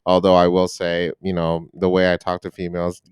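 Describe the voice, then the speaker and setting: A man's voice: low voice, monotone, brisk, smooth, no room sound, studio quality. Joking, swearing young male co-host. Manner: swearing, joking, breaks into mocking voices. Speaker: podcast co-host. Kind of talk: casual chat.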